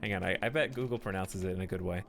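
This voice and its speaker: A man's voice: low-pitched, racing, gravelly, background noise. A man streaming a strategy game, chatting with his viewers in a rambling, joking way and laughing often. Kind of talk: casual gameplay stream commentary.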